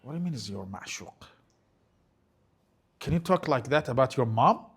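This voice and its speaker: A man giving a religious lecture, talking emphatically and sometimes rising to forceful scolding, with Arabic phrases mixed in. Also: medium pitch, animated, moderate pace, breathy edge. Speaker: religious teacher.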